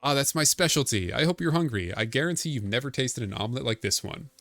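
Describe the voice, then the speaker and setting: A man's voice: mid-range voice, expressive, quick pace, vocal fry, fairly bright tone, no room sound. A man voicing a plump, motherly female innkeeper in a video game, fussing over a guest in a sing-song manner. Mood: doting.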